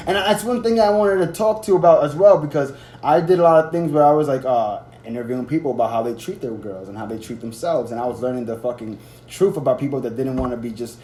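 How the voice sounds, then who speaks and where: A man's voice: mid-range voice, fast, dark tone. A young man in his twenties hosting a casual podcast, telling a loose, profane story and acting out the quotes. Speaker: podcast host. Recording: roomy echo, faint background noise.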